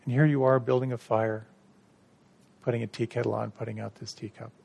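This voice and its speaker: A man's voice: mid-range voice, flat delivery, fairly quick, creaky, darkish tone, slight background noise, close to an everyday voice. Baffled demons, as a man tells them. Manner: bewildered, questioning. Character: three baffled demons speaking together.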